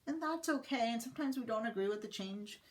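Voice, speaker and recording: A woman in her thirties, a teacher, casually walking viewers through her planners in a slow, thoughtful way, with many fillers and a sentimental touch. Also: on the high side, animated, a little hiss or hum. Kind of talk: casual show-and-tell vlog.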